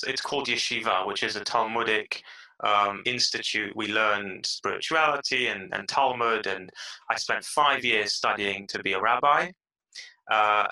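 A man with a British accent, a podcast guest in a casual interview, telling stories with lively energy and playful voices. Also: fairly low pitch, rough recording. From England.

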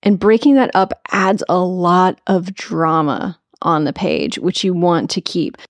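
A woman's voice: fairly low pitch, dry recording, clean studio sound. A woman hosting a podcast, giving a casual, upbeat spoken lesson on copywriting with playful asides. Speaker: podcast host teaching copywriting.

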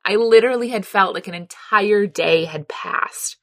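A woman with a medium-pitched voice talks at normal speed in a studio-quality recording with no echo. Her reflective account of a personal experience is earnest and heartfelt, and she laughs often while telling it.

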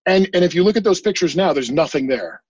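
A man, a guest psychic medium, telling a story in a casual podcast interview, rambling and animated, full of "like" and casual swearing. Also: high-pitched, quick pace, slightly rough, no room sound, muffled recording.

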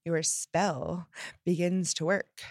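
A woman's voice: fairly low pitch, steady tone, slow, a little mellow, no room sound. A young woman speaks as a motivational host, upbeat and emphatic. She is heard up close in a dry, dead room. She punches her key phrases and slips into playful quoted inner voices. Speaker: self-help podcast host. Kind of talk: motivational talk to listeners.

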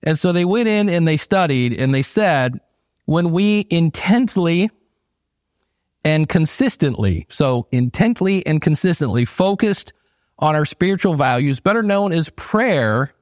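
A man's voice: a little high, a little slow, no echo, studio quality. A man preaching a sermon in a church, telling stories with jokes and acting out quotes. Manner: animated, joking storyteller acting out quotes. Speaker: pastor.

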